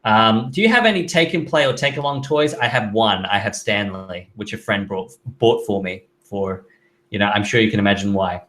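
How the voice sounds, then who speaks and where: A man with a lowish voice and fairly bright tone talks at a normal speed while hosting a casual live stream. He reads chat questions aloud and gives offhand, chatty answers with fillers.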